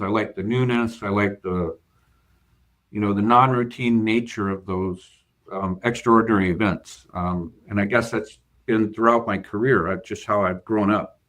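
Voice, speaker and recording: His voice is lowish and a bit bright, moving at a moderate pace. He's a bank's chief financial officer being interviewed as a guest, telling a work story earnestly but hesitantly, full of fillers and restarts.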